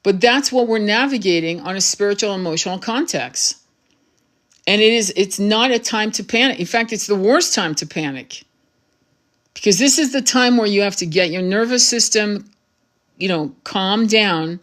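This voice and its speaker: A woman's voice: mid-range voice, expressive, moderate pace, a bit bright. A woman who reads tarot talks loosely to her livestream audience in a mid-range voice. She is blunt and peppers her talk with swearing and easy laughter. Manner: frank, swears freely, laughs often. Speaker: spiritual tarot reader. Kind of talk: casual livestream monologue.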